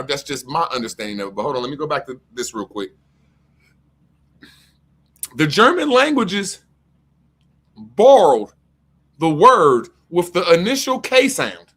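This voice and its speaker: A man hosting a livestream, reading from his screen and thinking out loud in loose, profane casual talk with frequent laughter. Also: a little high. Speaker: livestream host.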